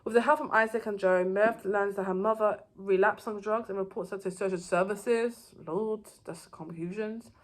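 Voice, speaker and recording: Woman rambling thru a show recap, casual, lots of restarts, middle pitch. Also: fairly even intonation, moderate pace, hardly any pauses. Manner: rambling, loose, many fillers and restarts. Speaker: TV show reviewer.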